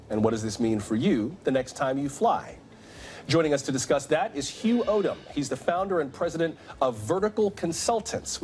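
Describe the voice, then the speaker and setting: A man anchoring a news program, reading a scripted report and then questioning a guest in a clear, measured manner. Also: fairly high pitch, darkish tone. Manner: clear, measured newsreader delivery.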